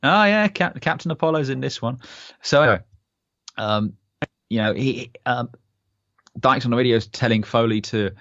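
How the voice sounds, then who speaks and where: A man's voice: medium pitch, normal speed, pauses often, a bit bright, dry recording, muffled recording. A man co-hosting a casual podcast chat, retelling a TV episode with enthusiasm and lots of fillers. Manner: enthusiastic, rambling with many fillers. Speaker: podcast co-host.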